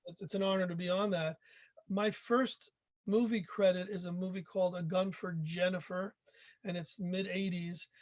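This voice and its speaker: High-pitched man in his sixties, dry mic. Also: steady tone, moderate pace, no echo. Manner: eager, self-deprecating storyteller. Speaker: podcast guest, author. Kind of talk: casual interview chat.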